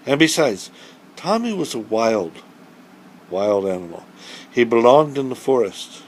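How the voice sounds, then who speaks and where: Animated folksy male storyteller. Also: medium pitch, a little slow, pauses often, a little hiss or hum. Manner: animated, folksy, acts out the voices of the people in his story. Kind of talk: true story told aloud to children.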